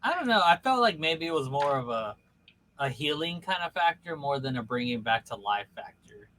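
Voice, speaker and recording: A man co-hosting a podcast, chatting casually and thinking out loud. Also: fairly high pitch, very animated, normal speed, rough recording. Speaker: podcast co-host. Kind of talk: casual chat.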